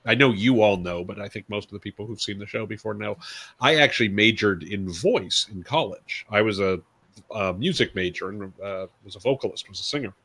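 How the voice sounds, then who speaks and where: Male co-host, low pitch, sharp bright tone, talkative storyteller. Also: fairly quick, slightly rough. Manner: talkative, storytelling, laughs easily. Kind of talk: casual chat.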